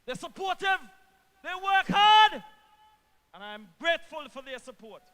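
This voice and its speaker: A man with an Antiguan accent, a government minister giving an impassioned political rally speech, repeating lines for emphasis and swinging from hushed to shouting. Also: extremely high pitch, sing-song, a little slow, long reverb tail. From Antigua and Barbuda.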